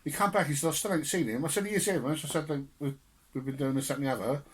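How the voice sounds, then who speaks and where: A man's voice: a little high, rapid-fire. A young man on a podcast telling family stories with laughter and swearing in casual chat. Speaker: podcast co-host.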